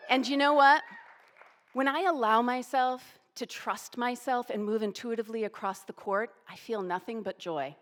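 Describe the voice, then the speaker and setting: A woman in her forties telling a personal story, animated and self-deprecating. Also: a little high, normal speed, in a large hall. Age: 40s.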